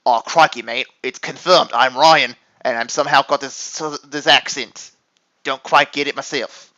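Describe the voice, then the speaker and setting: A man voicing a young man with a put-on Australian twang, talking in a low, laid-back drawl. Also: steady tone, a little fast, fairly bright tone, lightly acted. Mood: easygoing.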